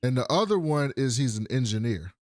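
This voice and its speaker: A man's voice: medium pitch, a little fast, no room sound. Male co-host, loose and swearing, mid-range voice, dead-dry studio sound. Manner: animated storyteller, swears freely. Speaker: podcast co-host. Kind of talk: casual recap chat.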